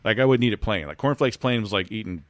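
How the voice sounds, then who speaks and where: A man in casual conversation who adds quick, joking asides. His voice sits fairly low. The recording is close and dry. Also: expressive, no echo. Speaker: podcast co-host. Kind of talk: casual chat.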